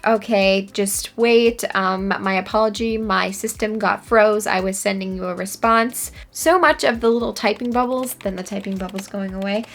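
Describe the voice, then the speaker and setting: A woman's voice: medium pitch, fairly bright tone. A woman vlogging casually about her shopper pay, reading out a support chat with sarcastic, dry humor. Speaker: gig delivery shopper and vlogger.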